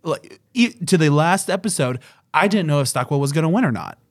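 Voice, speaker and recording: A man's voice: a little high, animated, brisk, dry recording. Man, podcast co-host, thoughtful, analytical, casual chat, dry sound.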